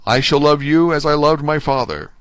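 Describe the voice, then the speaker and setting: A man's voice: a little high, moderate pace, fairly bright tone, clean tone, no room sound, pitched above the performer's own voice, lightly acted. A man voicing a young male prisoner in his twenties, pleading urgently in an audiobook reading. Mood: eager. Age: 20s.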